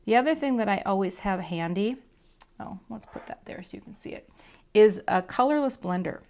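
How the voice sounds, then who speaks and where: A woman's voice: mid-range voice, expressive, normal speed, a little mellow. A woman teaching card coloring in a casual, chatty talk-through, self-deprecating and muttering to herself as she works. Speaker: craft teacher.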